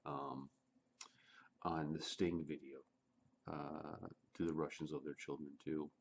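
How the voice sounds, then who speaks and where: A middle-aged man from the United States giving a rambling, animated opinion monologue, repeating words and acting out quotes. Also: low-pitched, husky, highs cut off. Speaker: vlogger.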